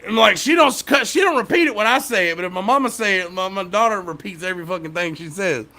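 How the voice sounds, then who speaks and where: A man with a high, bright voice chats on a podcast, and he laughs as he talks. His stories about his kids are loose and full of cursing. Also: fast talker. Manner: loose, laughing, profane storytelling. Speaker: podcast co-host. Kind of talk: casual chat.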